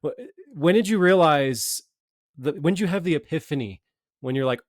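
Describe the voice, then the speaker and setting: A man's voice: a little high, moderate pace, dry recording, clean studio sound. A man hosting a podcast, asking questions eagerly and reacting to the guest. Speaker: podcast host. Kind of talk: conversational interview.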